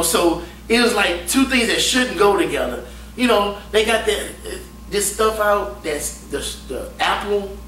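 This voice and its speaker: A man casually telling a navy story, animated and profane and laughing often. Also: high voice. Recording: roomy echo, distant mic, faint hum.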